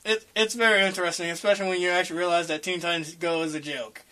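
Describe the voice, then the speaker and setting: A young man co-hosting a casual chat, rambling and swearing, bursting into loud excited rants. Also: sits high, quick pace. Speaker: podcast co-host.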